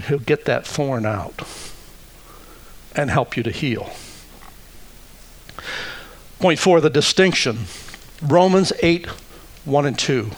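A male pastor preaching a sermon, deliberate and emphatic, with wry asides. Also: mid-range voice.

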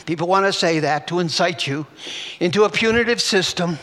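A man's voice: high voice, a little fast, fairly bright tone, in a large hall. An older man preaching a sermon, exclaiming and puffing out whews and chuckles between phrases.

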